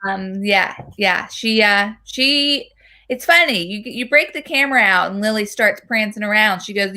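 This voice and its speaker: A woman's voice: medium pitch, moderate pace, pushed and bright. A woman co-hosting a film festival, chatty and rambling with enthusiasm. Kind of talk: casual chat.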